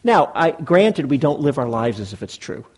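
A man's voice: medium pitch, big pitch swings, moderate pace, darkish tone, slightly rough. A man teaching meditation to a live group in a hall, explaining in a conversational way and often checking that the audience follows. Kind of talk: dharma talk to a live group.

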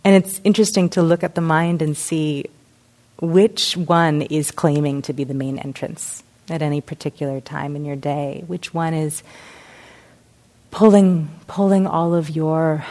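Middle-aged woman, low voice, reflective mindfulness teacher explaining gently. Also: fairly even intonation, a little slow. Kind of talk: teaching talk with a parable.

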